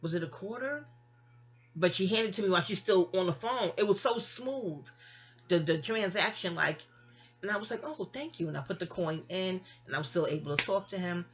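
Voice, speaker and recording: A woman's voice: brisk, a little hiss or hum. A woman in her fifties from New York, casually telling a personal story with rambling asides and self-corrections. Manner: acts out remembered dialogue with raised pitch.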